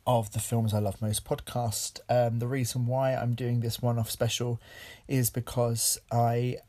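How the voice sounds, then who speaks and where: A man hosting a solo film podcast, speaking earnestly and haltingly with many fillers, audibly shaken and emotional. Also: medium pitch, flat delivery, warm tone. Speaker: podcast host.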